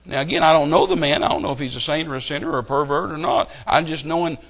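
Animated preacher man. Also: fairly high pitch, fast. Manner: animated storytelling with rising outbursts. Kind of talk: sermon.

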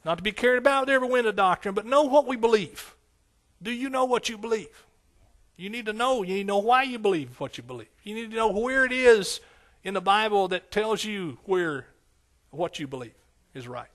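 A man with a high-pitched voice delivers a sermon as a pastor. He preaches emphatically, repeating key phrases and often checking in with his listeners for a response. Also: expressive, brisk, fairly bright tone. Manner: preaching with call-and-response questions to the congregation.

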